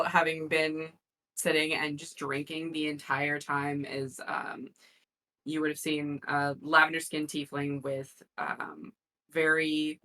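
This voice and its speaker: A woman with a low yet bright voice talks through her character at a tabletop game. She speaks casually, pausing on fillers as she pictures the scene. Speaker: player.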